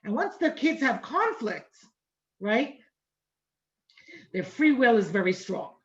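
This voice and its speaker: A middle-aged woman gives an informal online Torah lecture in a conversational way, repeating phrases and frequently asking "right?" to check in with listeners. Her voice is fairly high, very animated, and slow. The online class audio is dull and lo-fi.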